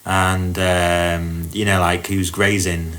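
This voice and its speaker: A man's voice: deep voice, little pitch movement, takes it slowly, a bit bright. A man from Doncaster, England, co-hosting a comedy podcast in casual, rambling chat full of "like" and "um". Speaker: podcast co-host.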